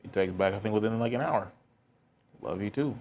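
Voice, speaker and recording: A man's voice: lowish voice, brisk, darkish tone. A young man hosting a podcast, telling a personal story in a candid, rambling way with lots of filler words. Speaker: podcast host.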